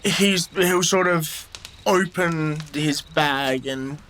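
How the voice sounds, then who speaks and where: A man playing a tabletop game, talking in a careful, halting way. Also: fairly high pitch, bright, forceful tone, a little hiss or hum. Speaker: player. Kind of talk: tabletop role-play.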